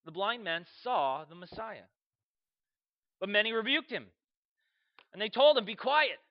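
A man delivers a sermon with a high, bright-leaning voice that swings widely in pitch. He tells the story in an animated way, slipping into acted-out voices and bursts of shouting. The recording sounds dull and lo-fi. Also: unhurried. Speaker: preacher.

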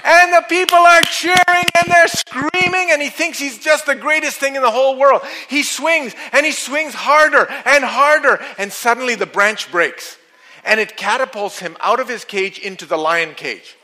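A middle-aged man preaching a sermon, telling stories in an animated way and laughing at his own jokes. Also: very high voice, moderate pace, a little hiss or hum.

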